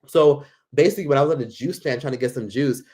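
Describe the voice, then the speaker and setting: A fast-talking American travel vlogger with a medium-pitched, darkish voice tells a loose, rambling travel story, cursing freely and filling it with verbal fillers.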